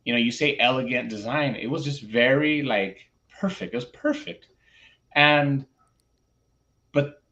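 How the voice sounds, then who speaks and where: A man who teaches, chatting on a podcast and telling a classroom story, acting out his students' lines with lively shifts and frequent restarts. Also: medium pitch, dull audio. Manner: animated, acts out classroom dialogue. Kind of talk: casual chat, storytelling.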